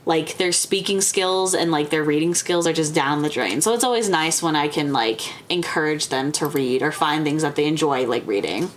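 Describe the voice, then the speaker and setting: A woman's voice: on the low side, a little hiss or hum. A woman streamer who reads a book aloud and chats casually, full of fillers. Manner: chatty, filler-heavy between reading. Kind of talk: audiobook-style reading and casual chat.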